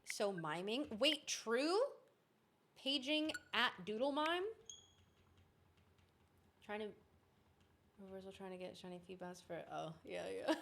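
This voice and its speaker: A woman's voice: mid-range voice, expressive, slow pace, long pauses, fairly bright tone, a little hiss or hum. A young woman streamer casually chatting and answering her chat while she plays a game. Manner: does silly voices and mimicry. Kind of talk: casual gaming livestream chat. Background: game music.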